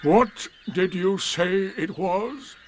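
A man voicing a gloomy, mournful old male donkey who speaks in slow, drawn-out sighs. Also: high voice, lively intonation, a little hiss or hum, voice pushed up, exaggerated voice. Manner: drawn-out, slow, sighing speech.

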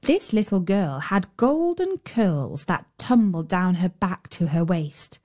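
A woman narrating a children's fairy tale in a gentle, measured storytelling voice. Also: lowish voice, sing-song. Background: faint fiddle music.

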